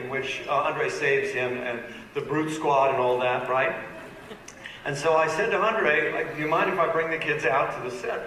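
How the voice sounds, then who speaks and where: An older man, an actor on a convention panel, telling an anecdote to an audience and jumping high for children's lines. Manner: animated storyteller who raises his voice high for children's lines. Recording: echoey, distant, noisy hall audio.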